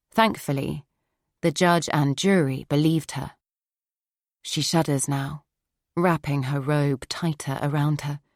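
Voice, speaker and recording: A woman narrating a thriller audiobook in the third person, measured and steady. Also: sits low, dry recording, clean studio sound.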